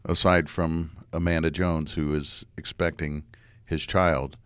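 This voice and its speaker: A man's voice: extremely low pitch, level tone, unhurried, a bit bright, clean tone, dry recording. A man reporter co-hosting a true-crime podcast, talking in a plain conversational way. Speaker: reporter and co-host.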